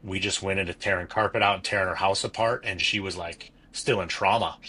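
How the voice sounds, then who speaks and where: A man's voice: sits low, fairly even intonation, a little fast, bright, forceful tone, slightly rough. A man, a business owner guesting on a podcast, telling candid stories about his work. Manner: candid, storytelling, self-critical. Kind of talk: casual conversational interview.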